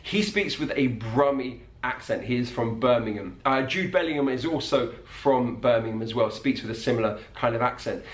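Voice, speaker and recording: Male accent coach, patient and clear, mid-pitched, roomy recording. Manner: clear, patient, demonstrates sounds slowly. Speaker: accent teacher. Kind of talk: explanatory video lesson. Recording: echoey room.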